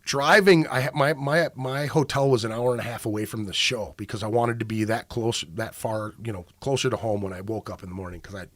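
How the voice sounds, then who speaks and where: Profane, animated storytelling man. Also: on the low side, fairly quick, hardly any pauses, dry recording. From Minnesota. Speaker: podcast host. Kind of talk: casual chat.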